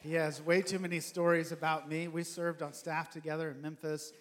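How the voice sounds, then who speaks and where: A man, the church's pastor, introducing a guest and praying aloud in an earnest, halting way with frequent restarts. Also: fairly high pitch, level tone. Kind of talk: sermon introduction and prayer. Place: church sanctuary.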